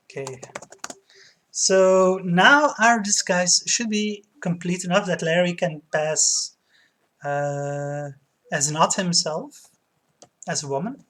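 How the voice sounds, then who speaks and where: Woman streamer, let's play commentary, low-pitched, slow and relaxed, fillers. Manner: slow, relaxed, with frequent fillers and light laughs. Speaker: game streamer.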